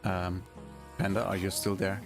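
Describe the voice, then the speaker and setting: A male streamer with a lowish voice chats casually, laughing a lot and stumbling over fillers. Music plays clearly in the background. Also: monotone, moderate pace. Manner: laughs often, chatty, hesitant fillers. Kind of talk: casual live-stream chat.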